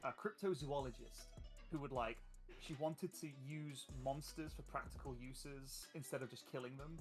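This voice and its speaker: A man's voice: mid-range voice, moderate pace, loud music behind the voice. A man who hosts a chat and runs a tabletop game, rambling through stories with fillers and laughs. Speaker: host and game master. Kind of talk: casual chat.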